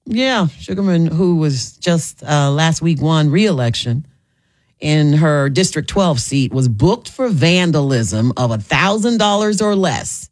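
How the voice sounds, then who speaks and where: Low-sitting and darkish in tone, this radio host's voice is animated but slow. She talks with her callers in a chatty, emphatic, repetitive manner on her call-in show.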